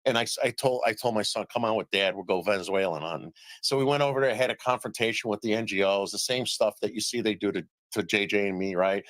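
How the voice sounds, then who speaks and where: A middle-aged man on a live stream telling stories about his reporting in a casual, animated way, acting out what others said. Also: on the low side, fast, hardly any pauses, no room sound. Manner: animated storyteller, acts out quoted dialogue. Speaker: citizen journalist guest. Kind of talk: casual remote interview.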